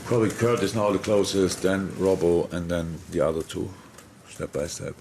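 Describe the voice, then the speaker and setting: Football manager at a presser, really deep voice, a bit of hiss, frank and restless. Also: male voice, normal speed. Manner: frank, animated, many restarts. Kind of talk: press conference answers. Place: press conference room.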